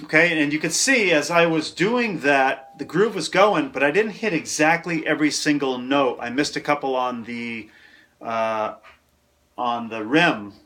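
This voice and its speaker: A man's voice: a little high, a little slow. A man teaching a casual drum lesson in a practice room, counting rhythms aloud and vocalizing the beat. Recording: loud drum kit playing behind.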